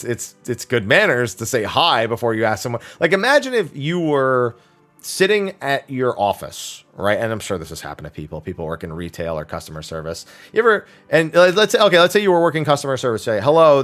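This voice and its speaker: A man's voice: medium pitch, fairly bright tone. Rambling casual streamer guy. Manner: rambling, many fillers and restarts, swears casually. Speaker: streamer answering viewer questions. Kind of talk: casual chat.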